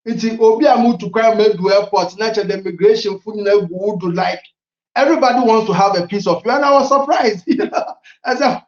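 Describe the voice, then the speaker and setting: A man's voice: sits high, brisk, roomy sound, muffled recording. A middle-aged man from Ghana with a Ghanaian accent, telling stories as an interview guest, mixing languages and laughing often. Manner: mixes languages, laughs often, animated storytelling. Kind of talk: casual interview talk.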